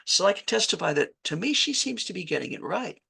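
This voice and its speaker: A woman's voice: mid-range voice, big pitch swings, fast talker, creaky, bright, forceful tone, husky. A woman from Virginia giving a conversational writing workshop lecture, often correcting herself mid-sentence and adding chatty asides. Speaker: writing instructor.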